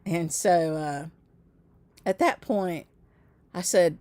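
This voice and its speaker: A middle-aged woman with a lilt tells a rambling home story to her channel audience. Her voice sits a little low and the recording is dry and close. She breaks into small laughs and acts out what others said. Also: slow, dry recording. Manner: chatty, laughing asides, animated quoting. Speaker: craft channel host. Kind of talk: casual storytelling to viewers.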